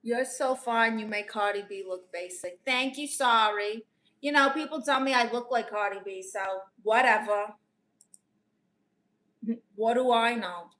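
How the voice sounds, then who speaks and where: Playing a sassy, brash aunt who claims to be a therapist, a live-stream comedian improvises while answering chat, teasing viewers and calling them honey. She speaks at a measured pace in a voice that's on the high side and fairly bright.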